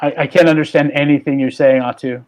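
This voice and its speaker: A man's voice: a little high, steady tone, fast talker, a little mellow. A man hosting a casual online talk show from home, rambling with many fillers and restarts. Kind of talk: casual chat on a live video call.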